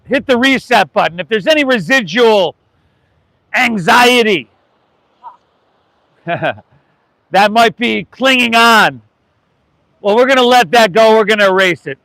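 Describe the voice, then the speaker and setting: A man with an American accent leading a live outdoor yoga class, relaxed and encouraging, calling the students "y'all". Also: sits high, measured pace, vocal fry, long pauses, dry recording, poor audio. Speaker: yoga instructor.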